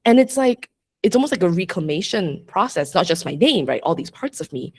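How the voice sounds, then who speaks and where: A young adult woman guesting on a podcast, talking in an open, rambling, reflective way and laughing easily. Her voice sits a little low, and the recording is dry and close with no room sound. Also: very animated, fairly quick, slightly rough, no echo. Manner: chatty and reflective, peppered with "like", laughs often. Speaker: podcast guest, astrologer and coach. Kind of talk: casual interview chat.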